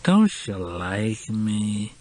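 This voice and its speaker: A man reading an audiobook, voicing a drunk, sleepy, lonely middle-aged woman who slurs slowly. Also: fairly low pitch, sing-song, darkish tone, heavily acted. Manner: slow sleepy whine. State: drunk, slurring.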